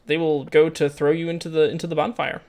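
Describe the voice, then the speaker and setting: A man narrating as game master of a tabletop game, talking haltingly with many fillers and restarts. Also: a little high, little pitch movement, darkish tone.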